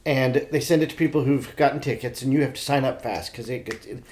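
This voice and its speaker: A man's voice: medium pitch, fast. A man from Indiana who sounds sick, hosting a casual podcast chat and telling stories animatedly with many restarts. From Indiana, USA. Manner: animated storyteller with frequent restarts. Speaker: podcast host.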